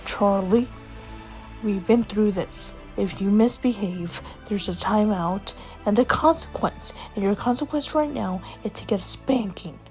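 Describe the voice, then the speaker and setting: A strict, patient dad laying down the rules in a storybook tale, read by a woman. Measured, slow and firm, with a gravelly texture and soft music underneath. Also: mid-range voice, lightly acted. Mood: stern. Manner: firm, scolding. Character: stern strict father, patient but firm.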